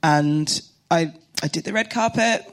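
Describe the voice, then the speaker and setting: A woman's voice: low voice, unhurried. A British woman, a comedian and actor, chatting on a cinema stage as a live podcast guest, laughing easily and mocking herself. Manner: chatty, giggly, self-mocking.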